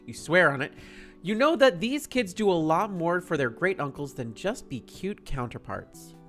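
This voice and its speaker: Narrator, playful story reading, lively pitch. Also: normal speed, soft background music. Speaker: narrator and streamer. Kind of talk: reading a fan story aloud.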